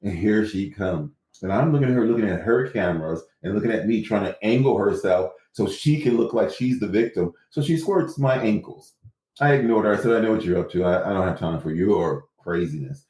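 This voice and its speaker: A man with a fairly low voice speaks a little fast as a guest in a relaxed interview, animatedly narrating his story and performing quotes from others. Echo from the room and a rough recording quality come through.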